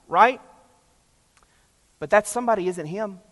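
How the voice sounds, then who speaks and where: A man preaching a sermon, passionate and emphatic, swinging between loud and hushed. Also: high-pitched, measured pace, pauses often, long reverb tail. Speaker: pastor.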